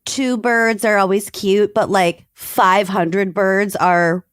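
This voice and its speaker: A woman's voice: mid-range voice, steady tone, slow, clean tone, no room sound. A woman co-hosting a podcast, adding dry, wry quips in casual chat. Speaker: podcast co-host.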